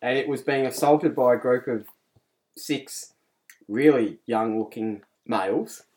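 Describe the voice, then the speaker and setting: A man's voice: medium pitch, measured pace, darkish tone. A man in his twenties with an Australian accent in casual podcast chat, defending himself between laughs. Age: 20s. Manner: protesting, laughs a lot.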